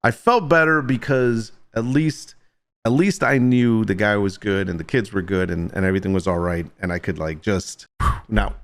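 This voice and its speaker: A man's voice: on the low side, a bit bright. A middle-aged man streaming, telling a story to his chat in a rambling way, full of restarts and "I'm like". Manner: rambling, self-interrupting, lots of "I'm like".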